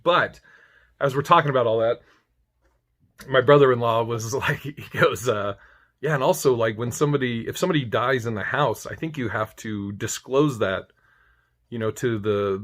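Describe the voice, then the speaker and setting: A man casually telling a darkly funny personal story, wry and profane, breaking into loud mock outrage. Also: mid-range voice, normal speed.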